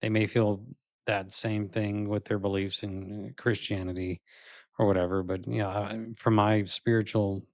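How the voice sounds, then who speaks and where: A man's voice: fairly low pitch, little pitch movement, moderate pace, dry recording, dull audio. A man co-hosting a casual spiritual podcast, talking in a laid-back, joking way and chuckling often. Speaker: podcast co-host.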